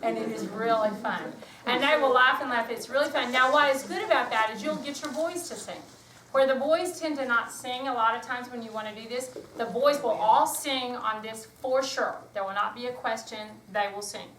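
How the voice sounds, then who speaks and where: A woman's voice: a little high, normal speed, a bit bright, slight background noise. A woman music teacher leading a hands-on workshop, calling out rhythm commands and explaining to the group in a chatty way. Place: workshop room with an audience. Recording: echoey room, voice from far off.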